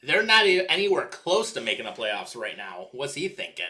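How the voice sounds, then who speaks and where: A man co-hosting a sports podcast, agreeable and quick to chime in with casual talk. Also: medium pitch, very animated, pushed and bright. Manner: agreeable, chiming in with backchannels. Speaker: podcast co-host.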